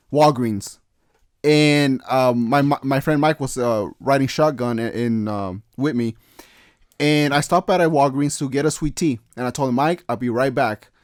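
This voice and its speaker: A man's voice: medium pitch, lively intonation, takes it slowly, darkish tone, no echo, clean studio sound. A young man hosting a casual podcast chat, hesitant with many fillers and restarts. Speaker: podcast host.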